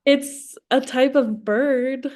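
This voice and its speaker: A woman co-hosting a comedy podcast, giving short, dry deadpan replies. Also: sits high, extremely slow. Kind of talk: casual comedic chat.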